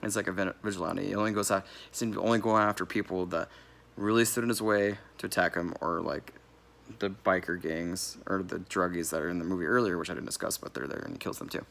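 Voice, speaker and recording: A man's voice: deep voice, fairly even intonation, quick pace, creaky, fairly bright tone. A man giving a casual, rambling movie review, correcting himself as he goes and laughing here and there. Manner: laughs now and then while talking.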